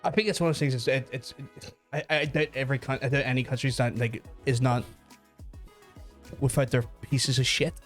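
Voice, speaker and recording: A man's voice: mid-range voice, fairly even intonation, a little fast, faint music behind. A Northern Irish man co-hosting a comedy talk show, ranting in sweary casual banter and often restarting his sentences. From Northern Ireland.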